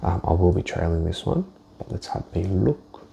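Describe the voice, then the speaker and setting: A deep-voiced man with a gravelly, mellow tone talks loosely through his market analysis. He thinks aloud, swears now and then, and restarts his sentences. Faint background noise sits under the voice. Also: lively intonation, moderate pace, dull audio. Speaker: forex trader. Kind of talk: casual screen-share market walkthrough.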